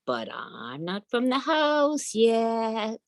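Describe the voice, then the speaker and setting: A plucky little storybook dog, as a woman puts him on, pitched well above a low speaking voice and drawn out slow. He barks his woofs between earnest words. The sound is dry and close. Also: huge pitch swings, no echo, heavily acted. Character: scruffy little male dog, eager and stubborn. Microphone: video call.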